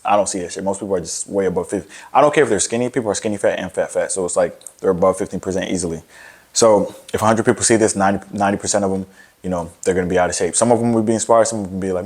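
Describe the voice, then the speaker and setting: Young man, low voice, rapid-fire delivery; blunt, profane fitness rant to camera, lots of restarts. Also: a little mellow. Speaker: fitness content creator. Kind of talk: casual motivational rant to camera.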